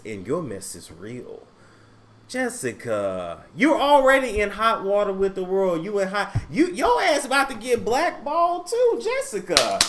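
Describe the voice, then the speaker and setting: A man hosting a casual gossip show, who talks straight to the camera and the live chat and teases people in blunt, crude words. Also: fairly high pitch. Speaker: host.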